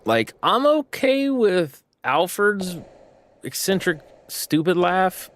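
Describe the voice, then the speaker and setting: A man's voice: sits high, very animated, slow, a bit bright, slight background noise. A man rambling through casual gameplay commentary, often stopping to correct himself. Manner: rambling, self-correcting, chatty. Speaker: streamer.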